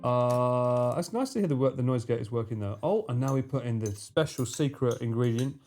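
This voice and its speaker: A man's voice: mid-range voice, expressive, a little fast, darkish tone. A man chatting and joking on a livestream, coaching phrases and teasing. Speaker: streamer co-host. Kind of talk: casual chat on a livestream. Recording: faint music behind.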